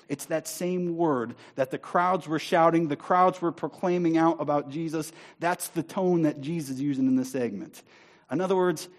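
A man preaching a sermon in a church, speaking emphatically and slowing down to stress key words. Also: on the high side. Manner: emphatic, rising to near-shouting on scripture. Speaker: pastor. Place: church sanctuary.

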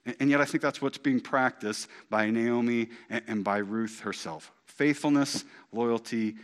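Animated, emphatic middle-aged male preacher. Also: mid-range voice, moderate pace. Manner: animated and emphatic, with big swings from loud to hushed; repeats key phrases for emphasis. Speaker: pastor. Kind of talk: sermon.

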